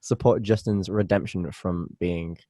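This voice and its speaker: A man's voice: deep voice, steady tone, unhurried, warm tone, dry recording, studio quality. A man co-hosting a podcast in casual chat, teasing and chatty with plenty of fillers. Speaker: podcast co-host.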